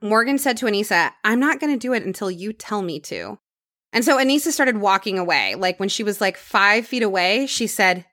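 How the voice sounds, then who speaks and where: In studio-quality audio with no echo, a woman hosts a podcast and tells a true crime story conversationally. Her mid-range voice is fairly bright, with lively intonation and a moderate pace, and she drops it for the grim details.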